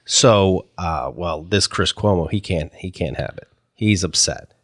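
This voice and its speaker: A man's voice: deep voice, unhurried, fairly bright tone, no room sound. Man explaining a clip, dry sound. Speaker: co-host. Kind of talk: casual commentary on a clip.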